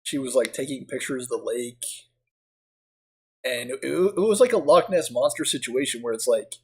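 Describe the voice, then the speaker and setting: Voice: mid-range voice, animated, moderate pace, rough recording. A streamer reading game text aloud and chatting casually, often laughing at their own reading. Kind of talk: let's play commentary and dialogue reading.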